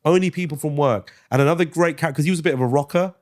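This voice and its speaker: Guy from britain telling stories on a podcast, animated, swears a lot, does little impressions. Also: fairly high pitch, rapid-fire. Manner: animated storyteller, swears freely, slips into impressions. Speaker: guest actor and comedian. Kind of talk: casual podcast interview.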